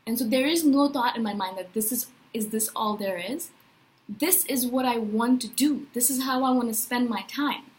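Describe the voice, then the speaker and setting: Thirties woman, vlogger, emphatic and lively, raised voice, light noise behind. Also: a little high, moderate pace, poor audio. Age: 30s. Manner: animated, emphatic, frequent "right?". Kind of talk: personal spiritual vlog.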